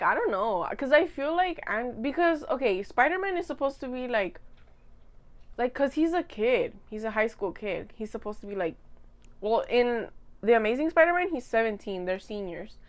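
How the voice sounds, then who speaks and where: A woman's voice: a little high, lively intonation, moderate pace. A young woman chatting casually into a desk mic at home, giggly and gushing as she rambles. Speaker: vlogger. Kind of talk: casual chat.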